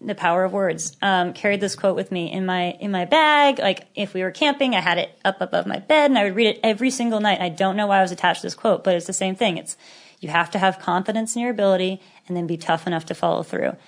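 A woman in her thirties, a podcast guest in casual conversation, telling stories with lively acted-out quotes and frequent laughter. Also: medium pitch, fast. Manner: animated storyteller who acts out quotes, laughing often.

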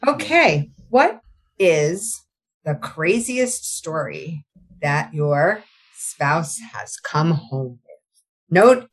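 A woman who used to teach, hosting a casual podcast chat and telling stories with lively acted-out quotes. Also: rough recording. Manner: lively storyteller, acts out quotes with pitch jumps. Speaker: podcast host; former teacher.

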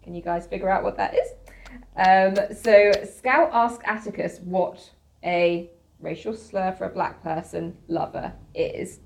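A woman's voice: on the low side, steady tone, unhurried, vocal fry. A woman casually retelling a novel's plot to listeners, rambling with fillers and frequent laughs. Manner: rambling, giggly storytelling with lots of fillers. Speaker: podcast host. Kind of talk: casual book discussion.

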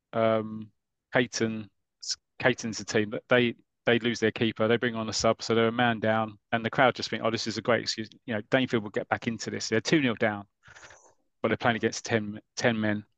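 A man's voice: lowish voice, smooth, no room sound. A man hosting a podcast, retelling a story in casual chat and acting out the characters' lines as he goes. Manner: lively storyteller who acts out characters' lines. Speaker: podcast host.

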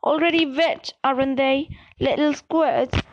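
A woman's voice: sits high, fairly even intonation, unhurried, muffled recording, slight background noise. A woman reading aloud, voicing a mischievous male poltergeist who cackles in a raised voice. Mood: cackling.

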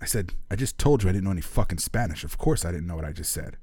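A man's voice: sits low, animated, racing, darkish tone, husky, no echo, clean studio sound. A man co-hosting a podcast, telling a story in casual chat, laughing and acting out the people he quotes. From Philadelphia area. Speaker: podcast co-host.

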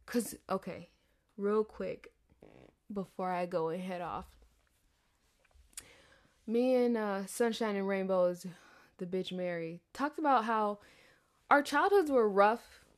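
In her podcast monologue, a woman in her thirties talks candidly and chattily, full of profanity and frequent laughs. She speaks slowly at medium pitch, with long pauses.

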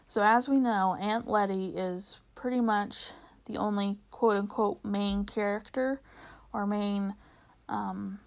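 A woman teacher walks through examples from a novel in a relaxed, conversational way. Her voice sits in a middle pitch, and she often restarts her sentences and fills pauses with small words as she thinks. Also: vocal fry. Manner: conversational, many fillers and restarts. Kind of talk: literature lesson explaining a novel.

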